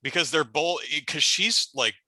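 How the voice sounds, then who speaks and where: A middle-aged man hosting a casual movie discussion, talking in halting bursts with frequent restarts and fillers. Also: a little high, expressive, pushed and bright, dry recording, low-quality recording. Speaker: YouTube show host.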